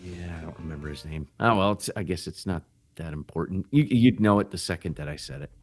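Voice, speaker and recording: A man's voice: sits low, brisk, a little mellow, slightly rough, soft background music. A man hosting a casual livestream, talking loosely with restarts and swearing. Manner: rambling, loose and profane, restarts often. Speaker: livestream host. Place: backyard grill gazebo.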